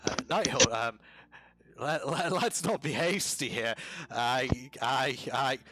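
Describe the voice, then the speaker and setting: A man's voice: mid-range voice, animated, slow, music in the background, poor audio. A man voicing a shifty, cheeky male merchant who talks breezily around his debts. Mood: nervous. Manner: breezy and evasive, with slangy asides.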